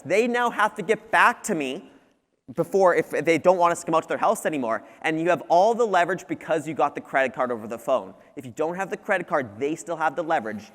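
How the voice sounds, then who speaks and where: Casting: young Canadian man, salesy conference presenter, brisk and a bit high, echoey hall. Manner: energetic, salesy, addresses audience as guys. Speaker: lawn care business presenter.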